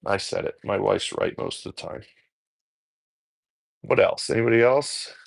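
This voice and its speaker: A man's voice: lowish voice, unhurried, vocal fry, dry recording. A man casually chatting while prepping food, rambling and self-deprecating, swearing freely, with a New Jersey accent. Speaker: home cook content creator. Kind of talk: casual chat while cooking prep.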